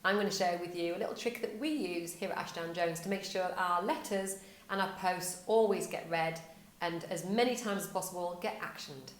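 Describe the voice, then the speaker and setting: A woman's voice: on the low side, moderate pace, a little hiss or hum. A woman giving a casual whiteboard explainer to camera, upbeat and conversational, asking rhetorical questions as she presents a marketing tip. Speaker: estate agency owner presenting a marketing tip. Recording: echoey room.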